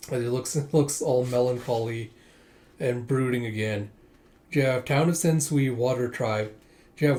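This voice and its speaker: A man's voice: mid-range voice, fairly even intonation, moderate pace, warm tone. A man casually reading through a manga volume, retelling each scene with "he's like" and "she's like.". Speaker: manga reviewer.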